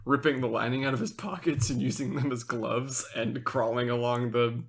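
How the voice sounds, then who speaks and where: A man's voice: medium pitch, fairly even intonation, moderate pace, vocal fry. A man co-hosting a casual film-review podcast, chatty and easily exasperated by his friend's puns. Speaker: podcast co-host.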